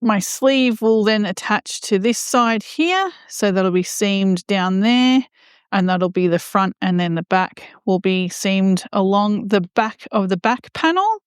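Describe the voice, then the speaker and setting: Smooth-voiced woman explaining crochet steps. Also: mid-range voice, expressive, slow, no room sound, studio quality. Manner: chatty, explains each step with fillers. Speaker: crochet vlogger. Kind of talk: casual how-to narration.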